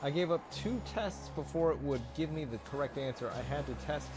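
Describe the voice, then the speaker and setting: A man's voice: on the high side, animated, a little fast, background noise. A man chatting casually while playing a video game, sarcastic and joking, with some swearing. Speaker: let's play co-host. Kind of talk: casual chat over gameplay. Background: game music.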